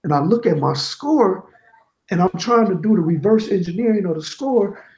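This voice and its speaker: A man being interviewed, telling a candid, animated story about his own setbacks and quoting others as he goes. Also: high voice, moderate pace, echoey room, rough recording. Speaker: guest, certified network engineer.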